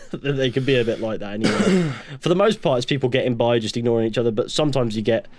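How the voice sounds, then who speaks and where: A man's voice: mid-range voice, quick pace, darkish tone. A young man from the West Country of England with a West Country accent touched by northern English, chatting on a podcast in a sweary, rambling way with many restarts. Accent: West Country English with some northern English. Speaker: podcast co-host. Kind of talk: casual chat.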